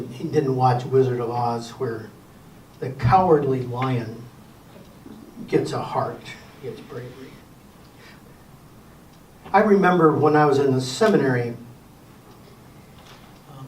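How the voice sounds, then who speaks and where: An older man presenting a Sabbath school lesson in a relaxed lecture style, folksy and wry with gentle humor. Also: medium pitch, distant mic, slight background noise. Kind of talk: casual lecture to a class. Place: church classroom. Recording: echoey room recorded from afar.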